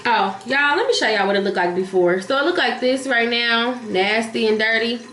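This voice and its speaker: A woman's voice: a little high, normal speed. Blunt storytelling woman vlogger. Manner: animated, blunt, profane, addresses viewers as y'all. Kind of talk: casual storytime chat. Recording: echoey room with faint hiss.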